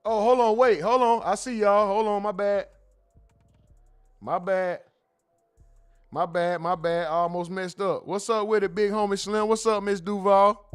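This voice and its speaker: A man hosting a casual commentary livestream, reading the chat aloud and bantering in loud, laughing, slangy outbursts. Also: high-pitched, little pitch movement, unhurried, pauses often, clear, resonant tone, soft background music.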